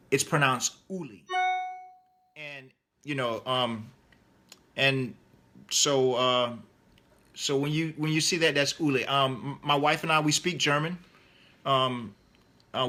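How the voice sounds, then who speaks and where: A man's voice: medium pitch, bright, forceful tone. A middle-aged man, an author, answering interview questions in a loose, rambling way with many fillers and restarts.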